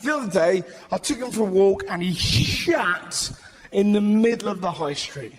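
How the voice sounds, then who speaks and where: A man doing stand-up comedy, brash and swearing, with shouted put-on voices. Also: high-pitched, expressive, moderate pace. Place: large live venue. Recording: roomy live recording with audience noise.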